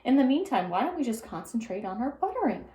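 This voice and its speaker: A woman's voice: fairly high pitch, sing-song, fast talker, pitched above the performer's own voice. A woman doing a sweet, soothing motherly lady. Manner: gentle, cheerful, reassuring. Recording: roomy echo.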